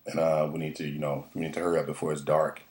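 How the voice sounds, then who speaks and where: A man giving a casual, profane, excitable recap of a TV episode, rambling with lots of fillers and restarts. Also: extremely low pitch, quick pace, background noise. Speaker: podcast host recapping a TV episode.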